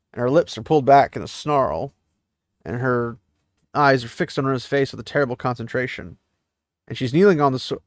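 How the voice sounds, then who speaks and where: A man's voice: medium pitch, no room sound, studio quality. A man giving a casual recap of a fantasy novel, chatty and digressive, breaking off into asides and questions. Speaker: book discussion host.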